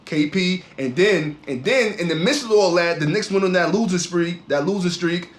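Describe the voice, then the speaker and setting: A man's voice: high-pitched, normal speed, reverberant. A man co-hosting a sports podcast, ranting heatedly in casual talk and often repeating his words. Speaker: podcast co-host.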